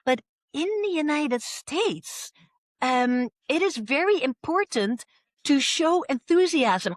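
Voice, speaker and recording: A woman, a communication coach speaking lively as a podcast guest. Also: sits high, takes it slowly, no echo, clean studio sound. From Netherlands. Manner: lively, acts out quoted voices. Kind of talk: podcast interview.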